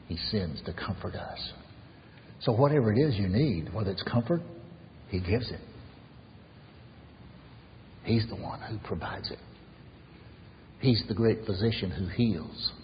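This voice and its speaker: Low-voiced man preaching in a reverberant church. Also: animated, a little slow, long pauses, highs cut off, slight background noise. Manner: emphatic, repetitive preaching, swinging from loud to hushed. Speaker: pastor. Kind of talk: sermon. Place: church sanctuary.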